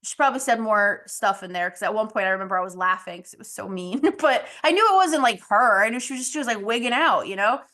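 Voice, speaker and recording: A woman's voice: medium pitch, fast, hardly any pauses, pushed and bright. A woman health coach in a casual monologue, candid and blunt, laughing often and swearing casually.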